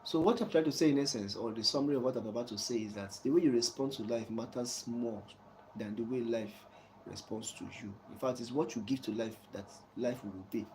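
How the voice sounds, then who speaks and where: A man giving casual, preachy life advice to a viewer, often asking "you understand?" and chuckling softly. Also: medium pitch, a little fast, slight background noise, rough recording. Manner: soft chuckles between points.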